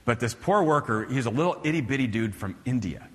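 A male preacher giving a sermon, telling a funny story in an animated, chuckling way before reading scripture and praying. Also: mid-range voice, a little fast, big-room sound.

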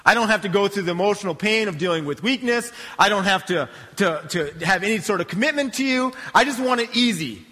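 Preacher putting on whiny complaining Israelites. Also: male voice, high voice, sing-song, takes it slowly, sharp tone, big-room sound, voice pushed up, full character voice. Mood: whining. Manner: whining, pleading, exaggerated. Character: whiny complaining Israelites demanding easy blessing. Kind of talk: sermon.

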